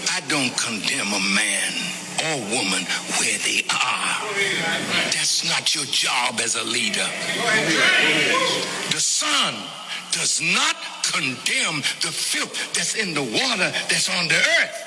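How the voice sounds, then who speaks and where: A minister preaching a sermon in a booming, emphatic voice, stretching out his words. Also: sing-song, slow pace, roomy sound, over loud music.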